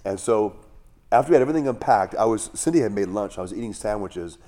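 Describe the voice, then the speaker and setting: Low-voiced male pastor preaching conversationally. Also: expressive, fast talker, warm tone. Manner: conversational preaching with rhetorical questions and asides. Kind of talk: sermon.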